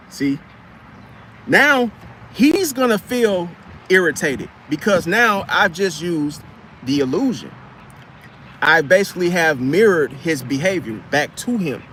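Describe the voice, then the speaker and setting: A man's voice: high voice, bright, forceful tone, a little hiss or hum. A man telling a casual story from his car repair job in a rambling, slangy way, often repeating and restarting his words.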